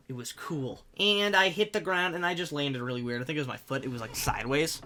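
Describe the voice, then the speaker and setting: A young man spins a comic personal story with animated, jokey delivery. His voice is bright and forceful, and it jumps into sudden loud bursts at the punchlines. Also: fairly high pitch, fast talker, few pauses.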